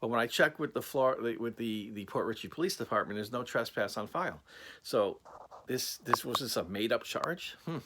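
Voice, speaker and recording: A man's voice: mid-range voice, expressive, moderate pace, background noise. A man angrily recounting a personal incident to camera, emphatic and repetitive, swearing now and then. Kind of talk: angry personal storytelling.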